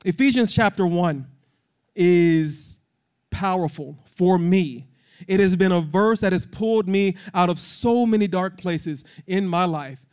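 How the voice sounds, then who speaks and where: Very high-voiced man preaching with rising fervor. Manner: impassioned, building to shouted exhortation; addresses the congregation directly, leads call-and-response. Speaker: guest speaker. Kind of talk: sermon. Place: church service.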